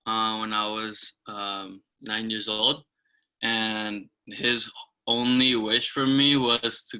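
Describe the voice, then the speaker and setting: A young man introducing himself on a video call, hesitant and full of pauses. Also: fairly low pitch, smooth, rough recording. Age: young adult. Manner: hesitant, many ums, slow and flat. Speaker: incoming student.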